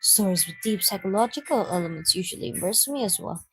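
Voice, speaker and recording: Soft, hushed shy teen bookworm girl for a game read-through, voiced by a man; quiet and measured, a touch high. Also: lively intonation, soft background music, rough recording.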